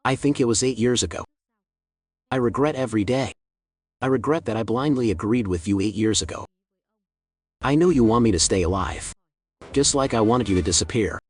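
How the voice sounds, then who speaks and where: A man's voice: mid-range voice, animated, normal speed, long pauses, slightly rough. A man voicing a desperate male swindler full of regret, in a recap story narration. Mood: bitter. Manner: bitter, pleading.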